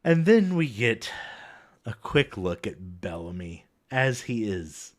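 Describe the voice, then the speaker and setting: A man's voice: fairly low pitch, big pitch swings, takes it slowly. A man hosting a podcast, chatting casually and joking with plenty of swearing. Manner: laid-back, jokey and profane. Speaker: podcast host. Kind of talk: casual chat.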